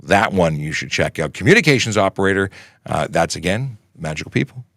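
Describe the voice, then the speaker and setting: A Canadian man in his forties hosts a casual livestream, chatting in an upbeat, rambling way. His voice sits slightly low. The sound is dry and close, with little room echo. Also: expressive, a little fast, a bit bright. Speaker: livestream host, police constable.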